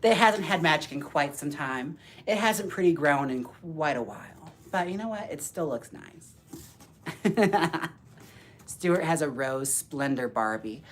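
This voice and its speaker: A man hosting a casual live stream while styling dolls, talking to viewers by name in a campy, sassy way with quick jokes and frequent laughs. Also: fairly high pitch, expressive. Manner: talks to viewers by name, reads chat aloud.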